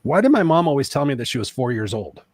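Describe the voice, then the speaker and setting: Male, 50s, guest coach on a panel. Earnest, quick storyteller, dry close sound. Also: mid-range voice, big pitch swings, no room sound. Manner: earnest, storytelling, repeats phrases for emphasis. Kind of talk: casual panel discussion.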